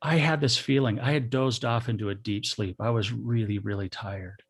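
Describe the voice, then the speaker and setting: A middle-aged man, a guest on an interview show, telling a personal story in a soft, halting, reflective way. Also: mid-range voice, steady tone.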